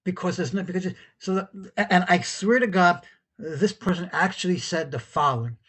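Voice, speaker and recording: A man with a fairly high, husky and slightly rough voice and a New York accent hosts a podcast, retelling a call-in exchange in an opinionated solo monologue at normal speed. Animated and incredulous, full of disbelief, he acts out both sides of the dialogue, switching between his own voice and the people he quotes.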